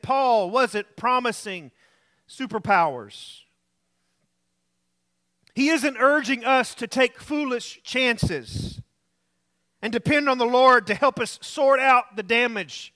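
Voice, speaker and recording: A male pastor delivering a sermon in a high, bright voice. He speaks slowly and deliberately. He tells stories and often sinks to a hush to make a point. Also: expressive. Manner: storytelling, dropping to soft tones for emphasis. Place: church.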